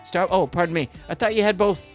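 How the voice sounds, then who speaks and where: A man's voice: sits high, fast talker, faint music behind. A middle-aged Canadian man co-hosting a casual podcast, talking in an earnest, patriotic way with some restarts. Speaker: podcast co-host.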